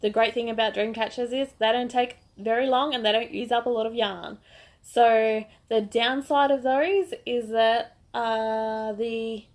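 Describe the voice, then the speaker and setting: In a crochet vlog, an Australian woman with a slightly high voice talks in an unhurried, fairly even way. She seems a little under the weather, her voice not carrying, as she chats casually and gushes.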